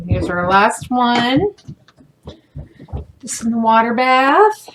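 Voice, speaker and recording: A woman's voice: fairly high pitch, big pitch swings, slow, pauses often. A middle-aged woman chatting casually as she demonstrates a craft project, working with her hands and making self-deprecating asides. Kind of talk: casual craft demo chat. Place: home with a loud furnace. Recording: noisy home recording, furnace hum.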